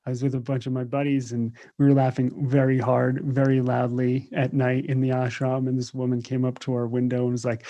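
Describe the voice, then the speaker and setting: A man's voice: medium pitch, monotone, brisk, hardly any pauses, mellow. A man, a meditation teacher, telling stories in a casual interview, joking and laughing often. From United States. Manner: joking, laughs often, acts out quoted voices. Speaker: meditation teacher, podcast guest. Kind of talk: casual conversational storytelling.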